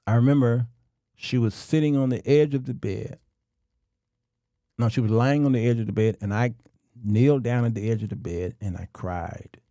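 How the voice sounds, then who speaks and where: A middle-aged man hosting a talk show, delivering a slow, emphatic monologue to men with long dramatic pauses. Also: medium pitch, mellow, dry recording, clean studio sound.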